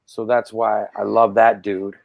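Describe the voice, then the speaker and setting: Here a man guesting on a podcast talks a little slowly in a creaky voice; the audio has no room sound and the highs are cut off. His casual storytelling is lively, and he acts out quoted people with loud leaps in pitch.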